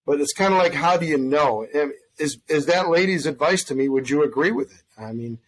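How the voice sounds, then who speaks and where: A man's voice: on the high side, brisk, poor audio. A man on a podcast, thinking aloud as he rambles through his experiences with dating. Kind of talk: casual conversation.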